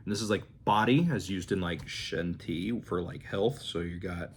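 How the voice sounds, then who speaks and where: A man in a casual vlog, relaxed and rambling, thinking aloud with fillers and restarts while he shows his flashcards. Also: sits low, normal speed, slight background noise. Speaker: language-learning vlogger. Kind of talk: casual demonstration talk.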